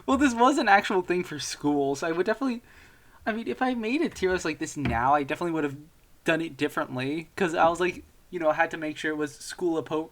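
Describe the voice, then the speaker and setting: A young adult streamer chatting casually, laughing often, rambling and swearing freely. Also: mid-range voice.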